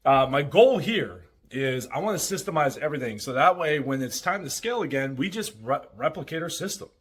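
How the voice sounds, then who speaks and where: A man's voice: fairly high pitch, expressive, fairly quick, a bit bright, husky. A man hosting a casual vlog, chatting upbeat to a handheld camera while moving around indoors in rental houses. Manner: upbeat, chatty, thinking aloud. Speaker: vlog host and short-term rental owner.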